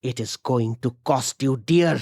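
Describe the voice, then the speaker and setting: A vengeful businessman spits slow, cold threats in a measured, mid-range male voice, as a man reads him out. The delivery is unhurried and the sound is dry and close. It comes across as a storytelling podcast. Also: mid-range voice, a little mellow, dry recording. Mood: menacing.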